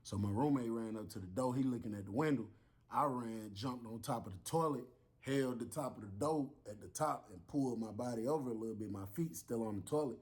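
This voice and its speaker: A man telling a long story in an animated way, acting out voices and sounds as he goes. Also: medium pitch, a little fast, slightly rough.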